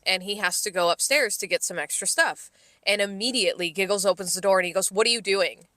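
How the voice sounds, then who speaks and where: A woman's voice: medium pitch, quick pace, no room sound. A woman co-hosting a podcast, telling a work story in casual chat and swearing freely. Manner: animated storytelling with frequent swearing. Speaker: podcast co-host.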